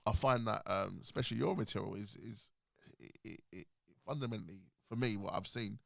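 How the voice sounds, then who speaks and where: A man's voice: lowish voice, brisk, vocal fry, no room sound. A man hosting a casual chat in a studio, talking animatedly, laughing often and restarting his sentences. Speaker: podcast host.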